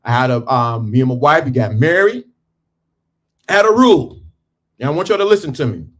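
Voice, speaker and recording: Talking fast in a mid-range voice with lively intonation, a middle-aged man livestreams a casual motivational talk to viewers from a phone or camera on a stand. He is preachy and emphatic, stopping and restarting while getting dressed.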